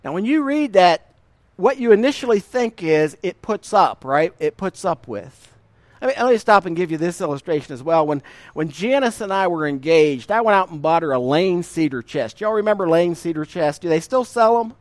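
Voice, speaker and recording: High-voiced folksy preacher. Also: male voice, lively intonation, dry recording. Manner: folksy storytelling with laughter and emphatic drawn-out verses. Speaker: pastor. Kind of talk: sermon.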